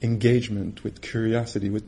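A man's voice: on the low side, flat delivery, a little fast, gravelly, warm tone. A middle-aged man giving a meditation talk in a casual, conversational way, laughing often and acting out quoted voices. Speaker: meditation teacher. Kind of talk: dharma talk.

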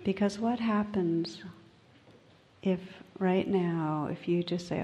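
A woman meditation teacher giving a dharma talk, gentle and unhurried and often dropping to a whisper, recorded in a large meditation hall. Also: on the low side, highs cut off.

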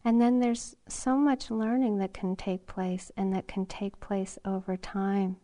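Middle-aged woman, meditation teacher, unhurried reflective dharma talk with pauses and light laughs. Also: mid-range voice, flat delivery. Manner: unhurried and reflective, with frequent ums and soft laughs. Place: meditation retreat hall.

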